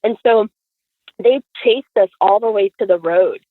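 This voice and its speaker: Woman, animated storytelling, filler-heavy, phone-line audio, dry. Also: mid-range voice, a little slow, no room sound. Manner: chatty, lots of fillers, acts out quotes. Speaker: podcast guest.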